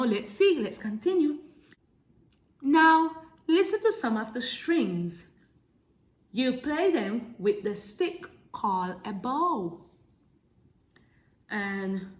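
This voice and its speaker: A woman teaching preschool children about music, reading from a picture book in a gentle, expressive way with hushed asides. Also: medium pitch. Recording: faint music playing behind.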